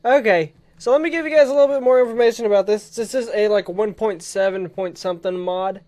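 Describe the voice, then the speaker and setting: A young man giving excited let's-play commentary, giggly and bursting into shrieks and laughter. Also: sits high, fast talker. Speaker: gaming video creator.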